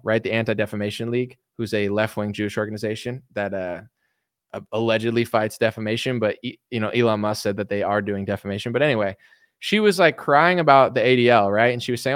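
Male streamer, mid-pitched, rambling casual commentary with many fillers, dry close sound. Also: fairly bright tone, dry recording. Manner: rambling, full of fillers and restarts. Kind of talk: casual livestream commentary reading chat.

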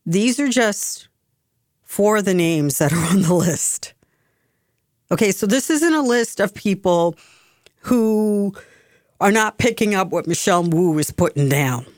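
A woman's voice: lowish voice, no echo, studio quality. A woman giving an emphatic, exasperated political commentary monologue, often restarting her sentences.

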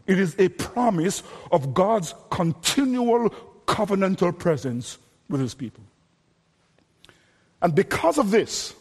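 A man preaching a sermon, deliberate and repetitive, dropping low and quiet to stress key phrases. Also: breathy edge. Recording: reverberant hall recording.

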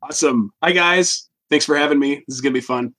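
A man chatting as a podcast guest, easygoing and quick to laugh. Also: fairly high pitch, a bit bright, poor audio. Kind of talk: casual chat.

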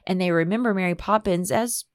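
A woman's voice: mid-range voice, a little fast, dry recording, studio quality. A woman podcast host reading a fan theory aloud and chatting enthusiastically with her co-hosts.

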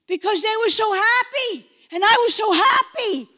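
A woman in her sixties giving an impassioned testimony sermon, swinging between shouted fervor and hushed intensity. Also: extremely high pitch, moderate pace, few pauses. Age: 60s.

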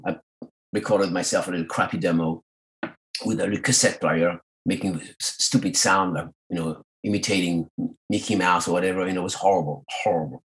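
A man guest in an interview, a singer and voice artist, telling lively stories and acting out the voices of the people he quotes. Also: sits low, a little fast, low-quality recording. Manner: lively storyteller who acts out quoted voices. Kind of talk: animated anecdote-telling.

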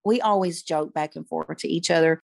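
A woman's voice: sits low, moderate pace, gravelly, dry recording, clean studio sound. A woman guest in an interview, telling a personal story candidly and acting out what people said. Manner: candid, animated retelling that acts out quoted speech.

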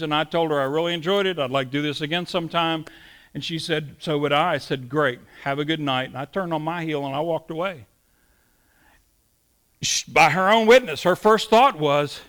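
A middle-aged man delivering a sermon in a high, ringing voice. His tone is bright and forward. He tells homespun stories and acts out the lines of the people in them. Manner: storytelling with acted-out quotes, folksy. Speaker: pastor.

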